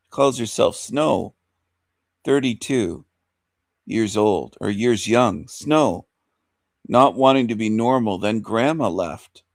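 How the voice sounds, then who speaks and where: A man's voice: mid-range voice, no echo, clean studio sound. Rambling man hosting a talk show. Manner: rambling, repeats phrases, fires rhetorical questions. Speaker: radio show host. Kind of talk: opinionated monologue commentary.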